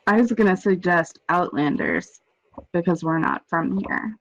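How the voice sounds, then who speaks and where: A woman chatting as a player in a tabletop game, giggly with deadpan asides. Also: on the low side, a little slow, vocal fry, dry recording. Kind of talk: casual chat around a game. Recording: dull lo-fi dry sound.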